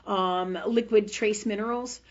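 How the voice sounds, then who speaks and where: A woman with a mid-range voice and a steady, unhurried tone hosts a live call-in show as a medical intuitive, giving spiritual health readings. She talks in a chatty, rambling way, often asks "right?" and swears casually. The recording sounds muffled.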